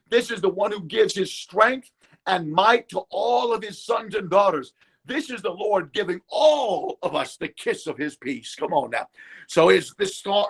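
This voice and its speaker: Male preacher, high gravelly voice, fervent sermon delivery. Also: a bit bright. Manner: fervent, repeating "come on now".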